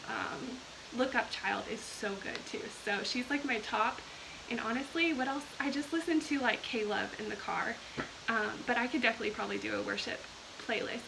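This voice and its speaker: Excited lady chatting on a livestream, high voice, faint hiss behind. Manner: gushing, enthusiastic, reads viewer comments aloud. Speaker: host of a live video. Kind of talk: casual chat to live viewers.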